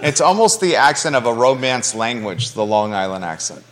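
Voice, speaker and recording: A man's voice: mid-range voice, very animated, normal speed. A man co-hosting a live talk show, joking and teasing in casual banter.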